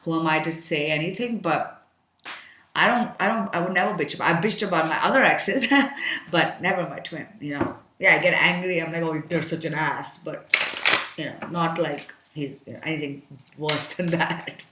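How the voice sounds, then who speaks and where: In an echoey room with background noise, a woman with a low voice talks at normal speed. She reads tarot cards in a casual, candid way, musing aloud with lots of fillers and swearing now and then.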